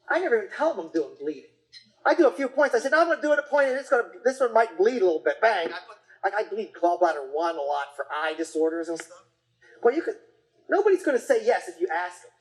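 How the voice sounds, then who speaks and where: An acupuncture teacher giving a casual, rambling lecture, with frequent restarts and fillers and quick acted-out quotes of patients and parents. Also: mid-range voice, darkish tone, low-quality recording.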